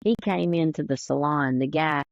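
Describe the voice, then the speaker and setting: Southern woman co-host, gravelly drawl, dry muffled mic, casual storyteller. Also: deep voice, normal speed, no room sound. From American South. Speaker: podcast co-host, hairstylist. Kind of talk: casual chat.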